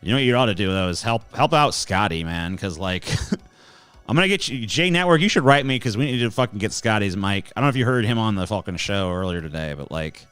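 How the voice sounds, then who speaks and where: A man on the low side, with a slightly bright, clean tone, hosts a livestream and rants at chat. His talk is casual, profane, brash and mocking, delivered into a handheld mic held close.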